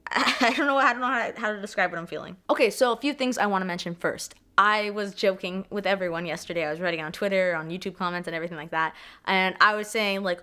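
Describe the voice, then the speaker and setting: A young Canadian woman vlogs about sports with excited, casual energy, cursing freely. Her voice is medium in pitch and fast, and she repeats herself and trails off mid-thought.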